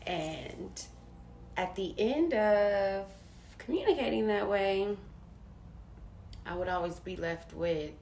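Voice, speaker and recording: Slow-talking woman in an echoey room. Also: mid-range voice, vocal fry, a little mellow. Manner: candid and slangy, drops to near whispers and rises to laughing emphasis. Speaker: vlogger sharing a personal story. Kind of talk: casual personal storytelling. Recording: roomy with faint background hiss.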